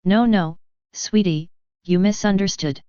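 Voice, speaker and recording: A woman voicing a seductive, cruel female succubus demon who speaks softly and coquettishly in an audiobook. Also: mid-range voice, unhurried, clean tone, no echo, muffled recording, lightly acted. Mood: teasing. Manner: soft, coquettish and teasing.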